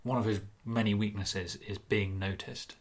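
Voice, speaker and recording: A low-voiced man hosts an improvised comedy podcast, steering the game with bone-dry deadpan delivery. He drops absurd twists in a flat, matter-of-fact tone. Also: normal speed, slightly rough. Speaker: co-host running the improvised scenario.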